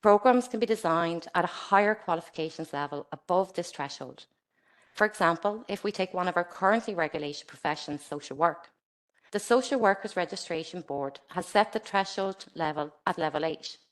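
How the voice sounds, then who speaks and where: A woman from Ireland with a slightly low voice delivers a scripted webinar presentation. She reads in a measured, formal way, steady and careful. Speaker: presenter for a regulator.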